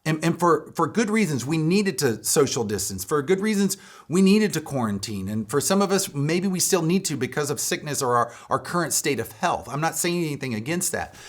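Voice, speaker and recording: A man's voice: on the high side, animated, fairly quick, few pauses. A man preaching a sermon as a pastor at a church, earnest and fond of repeating key phrases for emphasis.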